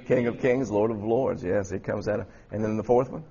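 A man with a husky voice teaching a Bible study class, often repeating words and quizzing his students. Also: lowish voice, fairly quick, mellow, highs cut off.

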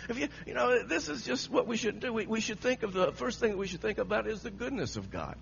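A man's voice: sits high, very animated, fairly quick, creaky, fairly bright tone. A man preaching a sermon, telling a story with frequent laughter and repeated phrases, on a dull lo-fi recording with a faint hum.

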